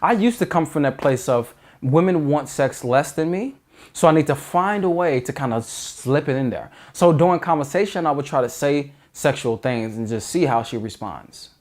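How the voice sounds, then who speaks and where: Man, dating coach, somewhat high-pitched, emphatic, earnest advice monologue. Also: animated, moderate pace, darkish tone. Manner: earnest, emphatic, restarts mid-sentence.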